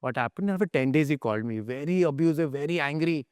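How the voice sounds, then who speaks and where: A man teaching a spiritual class and telling stories, swinging between hushed and excited. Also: fairly high pitch, fast talker, few pauses, clear, resonant tone, dry recording, clean studio sound. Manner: animated storyteller, acts out quotes, swings between hushed and excited. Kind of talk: informal spiritual class talk.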